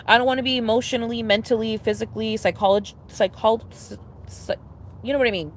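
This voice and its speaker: A young woman chatting casually on a livestream, rambling with lots of fillers and restarts, swearing freely and getting excitable. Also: fairly high pitch, brisk, a little hiss or hum. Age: young adult. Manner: animated, laughing and excitable. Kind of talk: casual chat to a live audience.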